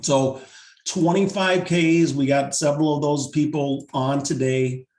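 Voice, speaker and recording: A man leading a team video call, pitching a pay plan in an upbeat, salesy way and going over the numbers more than once, his voice wearing thin. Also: little pitch movement, moderate pace, warm tone, reverberant. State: losing his voice.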